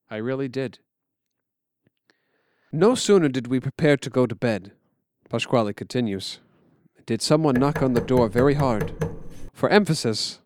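A man telling a story in quiet, measured, scripted narration. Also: medium pitch, dry recording, clean studio sound.

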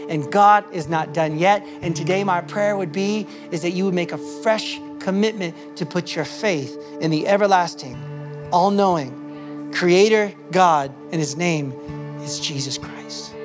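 Male pastor, passionate sermon delivery with big dynamic swings, very high voice. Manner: passionate preaching, swings from loud to soft.

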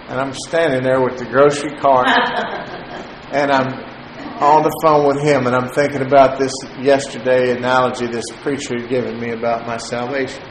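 A man telling a personal story in a sermon, chatty and halting, chuckling often. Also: mid-range voice, steady tone. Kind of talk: sermon testimony. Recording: roomy echo, faint noise.

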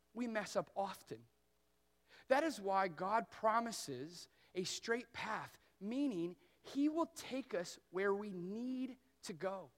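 A man in his thirties preaching a sermon as pastor, telling stories earnestly and slowing down on key phrases. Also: high-pitched.

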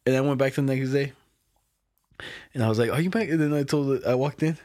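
A young man telling a story in casual chat, animated and slangy, acting out the other people's lines with frequent laughs. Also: mid-range voice, brisk, dry recording, studio quality. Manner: casual slang-heavy talk. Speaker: podcast co-host telling a story.

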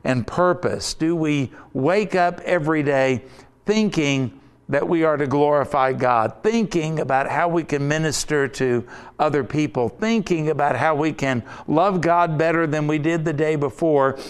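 A male pastor delivers a sermon in an unhurried, measured way, pressing each point home through repetition. His voice sits slightly high for a man and comes across smooth and resonant. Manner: deliberate, emphatic preaching with repetition.

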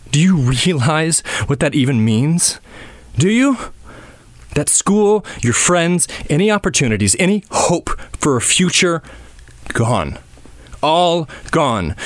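A man's voice: fairly high pitch, no room sound. An actor playing an exasperated father who scolds his defiant young son and raises his voice at him. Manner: scolding, rising to shouting. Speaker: father in a played scene.

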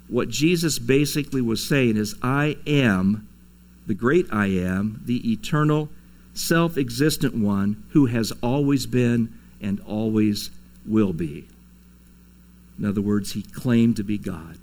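A man's voice: medium pitch, a little slow, a little mellow. A man preaching a sermon to his congregation, in a conversational way, chuckling now and then and acting out quoted lines. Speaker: pastor. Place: church sanctuary.

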